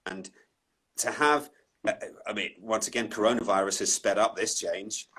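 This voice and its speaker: A man's voice: on the low side, steady tone, normal speed, fairly bright tone, breathy edge. A man who works as a voice-over artist, talking thoughtfully with a self-deprecating edge and frequent restarts during an online interview. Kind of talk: relaxed conversational interview. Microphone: online live video call.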